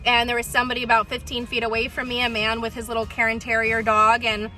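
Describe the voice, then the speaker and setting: A woman's voice: a little high, completely flat delivery, fast, sharp tone, soft background music. A woman dog trainer in a casual vlog, chatting and retelling stories with lots of ums.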